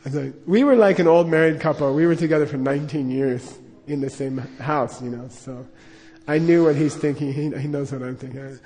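A man's voice: fairly high pitch, fairly quick, few pauses, dark tone, big-room sound. A middle-aged man telling a personal anecdote in a rambling way, with lots of fillers and chuckles. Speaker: storyteller.

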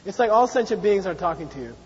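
High-voiced male teacher with a chatty, sarcastic lecture style, muffled recording in a reverberant hall. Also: animated, fast talker, darkish tone, slight background noise. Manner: chatty, repetitive, acts out voices with playful sarcasm. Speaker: Buddhist teacher. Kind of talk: dharma class lecture.

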